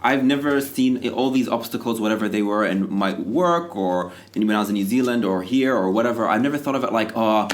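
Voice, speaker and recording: A man hosting a podcast, telling a personal story in a casual, animated way and acting out what people said. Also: on the low side, a little fast, few pauses, a little hiss or hum. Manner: animated anecdotes with acted-out quotes. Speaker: podcast host.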